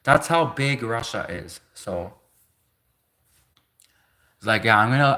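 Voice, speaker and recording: Lowish yet bright and forceful, this man's expressive voice moves slowly with frequent pauses. He's a livestream host in his thirties, rambling casually with many restarts, lots of "like" fillers, and laughter between thoughts.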